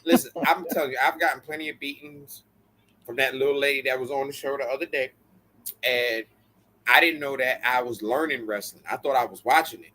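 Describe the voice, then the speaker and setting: A man co-hosting a casual wrestling podcast, talking in an animated, profane, storytelling way. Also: mid-range voice, brisk, rough recording. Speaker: podcast co-host.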